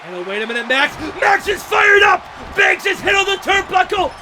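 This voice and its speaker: Young male wrestling commentator, frantic shouty play-by-play, noisy venue. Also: very high voice, very animated, normal speed. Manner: frantic, shouting, disbelieving outbursts. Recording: loud crowd and noisy venue. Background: cheering crowd.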